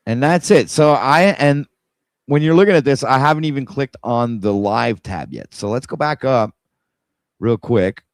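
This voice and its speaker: A man of middling pitch hosts a casual livestream and rambles on in an exasperated tone, talking straight to his viewers. His voice sits close and dry, with no room sound around it. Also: animated, moderate pace, no echo. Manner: rambling, exasperated, talks to viewers while scrolling. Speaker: livestream host.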